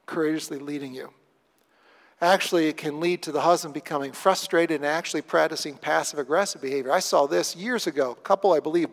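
Animated high-voiced male preacher, long hall reverb. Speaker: pastor. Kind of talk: sermon.

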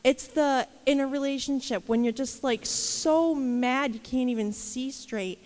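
High-voiced woman giving a rambling devotional talk. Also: unhurried, darkish tone. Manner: candid, rambling, with many fillers and laughs. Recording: long reverb.

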